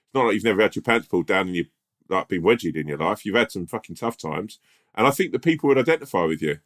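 A man's voice: low-pitched, lively intonation, fast, fairly bright tone. A man co-hosting a comedy podcast, rambling and swearing as he spins a story. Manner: rambling, swears, laughs often. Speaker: podcast co-host. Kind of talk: casual comedy chat.

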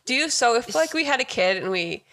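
A woman's voice: fairly high pitch, big pitch swings, fairly quick, fairly bright tone. A woman co-hosting a casual podcast, chatty and enthusiastic, sometimes reading from her notes. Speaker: podcast co-host. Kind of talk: casual chat.

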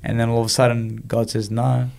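A man's voice: medium pitch, monotone, fairly quick, gravelly, a little mellow. A man, telling a personal story in an interview and acting out the quoted dialogue. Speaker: guest, former boxer.

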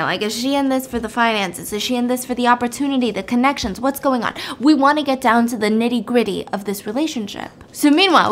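A woman hosting, animatedly retelling a movie plot in casual chat. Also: on the high side. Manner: animated storytelling. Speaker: podcast host.

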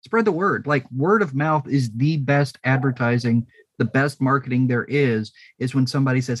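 A man chats as a guest on a podcast, earnest and unhurried, stopping on ums as he works out what to say. His voice sits at an ordinary middle pitch. The sound is dry and close, with no room around it. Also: no room sound. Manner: earnest, hesitant with many ums. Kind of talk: casual podcast chat.

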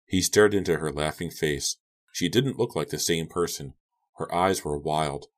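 A man reading a horror novel aloud as an audiobook narrator, in a measured, subdued way. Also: a bass voice.

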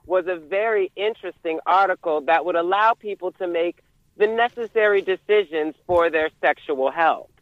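Radio guy phoning in, kinda high voice, muffled phone sound. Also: normal speed, dry recording. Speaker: on-air personality calling in. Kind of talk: casual chat.

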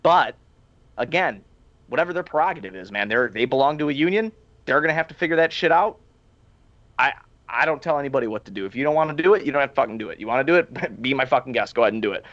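Fast-talking profane man, muffled audio. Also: medium pitch, expressive, a bit bright, no room sound. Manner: profane, emphatic, laughs often. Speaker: podcast co-host. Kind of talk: casual sports chat.

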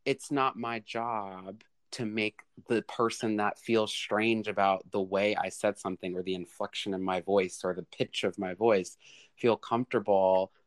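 A man in a heated panel debate, talking in bursts, restarting his sentences and jumping up to high exclamations. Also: a little slow. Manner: lively, restarts often, rising to high exclamations.

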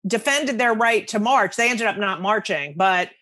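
A woman's voice: medium pitch, moderate pace, a bit bright. A woman hosting a podcast interview, talking bluntly and teasingly, with frequent swearing. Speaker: podcast host. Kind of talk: casual interview chat.

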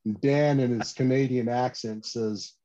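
A man chats casually with a podcast host, telling a story with lots of "you know" and quick restarts. His voice sits at a middle pitch. The recording sounds a little dull and lo-fi. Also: fairly even intonation, dark tone. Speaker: fishing gear company guest. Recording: slightly dull lo-fi audio.

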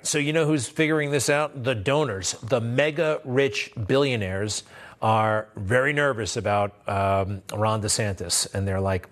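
A man hosting a news show, giving blunt, sarcastic political commentary in a conversational way. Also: mid-range voice. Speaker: host.

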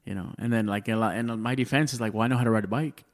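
A man's voice: lowish voice, rapid-fire. A man, telling rambling, profane stories in casual chat, full of restarts. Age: 30s.

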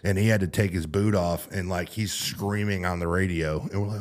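Real deep voiced guy on a podcast, rambling crude stories, swears a lot. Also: fairly even intonation, a little fast. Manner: crude joking storyteller, swears freely. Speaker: podcast host. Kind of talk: casual podcast banter.

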